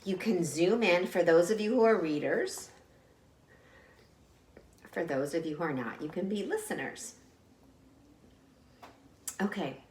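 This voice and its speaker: Gentle woman teaching children's Sunday school. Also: fairly low pitch, big pitch swings, measured pace, pauses often, a little hiss or hum. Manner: gentle, encouraging, talks simply to young kids. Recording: roomy echo.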